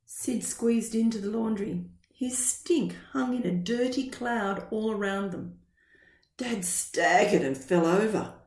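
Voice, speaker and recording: Woman, children's story read-aloud, slow, animated pitch, roomy echo.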